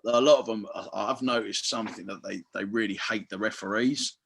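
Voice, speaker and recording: A man, chatting casually on a podcast and telling animated football stories, swearing freely and acting out what people said. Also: on the low side, brisk, vocal fry, breathy edge. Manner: animated storyteller, swears freely, acts out quotes. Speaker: football fan guest.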